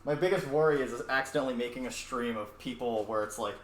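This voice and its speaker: A young man streams from his home kitchen while cooking, rambling and swearing casually in a medium-pitched, slightly bright voice. He talks fast with hardly any pauses, captured by a distant mic in an echoey room with faint noise.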